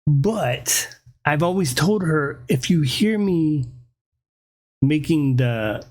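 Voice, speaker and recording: Middle-aged guy on a podcast, slow drawn-out delivery, acts out the scary bits. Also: on the high side. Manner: animated, acts out screams and voices in his story. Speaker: podcast host. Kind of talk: casual storytelling.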